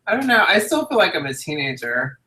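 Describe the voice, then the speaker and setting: Bright-voiced, animated woman in an echoey room. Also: lowish voice, brisk. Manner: animated storyteller, laughs often. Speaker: co-host. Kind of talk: casual chat.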